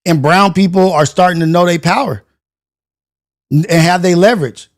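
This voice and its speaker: High-voiced man ranting on a show. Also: normal speed. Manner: animated, slangy rant with rhetorical questions. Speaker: morning show host. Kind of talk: casual reaction commentary.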